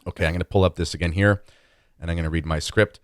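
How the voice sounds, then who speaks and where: Deep-voiced, chatty podcast host. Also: male voice, steady tone, fast talker, clear, resonant tone, no room sound, studio quality. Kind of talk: casual podcast conversation.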